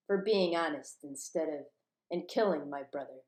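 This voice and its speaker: A woman's voice: low-pitched, normal speed, a little mellow, reverberant. A woman ranting in a rambling, profane monologue.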